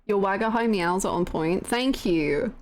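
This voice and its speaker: A young British woman hosting a casual game stream, reading viewer comments in giggly, bashful, animated bursts. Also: medium pitch, a little slow. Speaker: livestream host.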